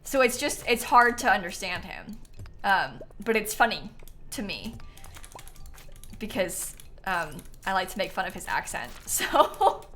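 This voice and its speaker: A woman's voice: mid-range voice, lively intonation, a little slow, bright, forceful tone, soft background music. A woman livestreaming a game, chatting casually with her viewers and laughing often. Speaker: game streamer.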